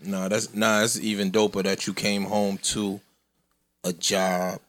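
A man's voice: lowish voice, flat delivery, unhurried, a bit bright. A man co-hosting a podcast in casual chat, blunt and slangy, acting out imagined quotes.

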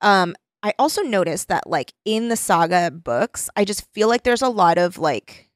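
A woman's voice: mid-range voice, expressive, normal speed, no room sound, clean studio sound. A woman co-hosting a casual chat, talking loosely with lots of fillers and giggles. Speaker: podcast co-host.

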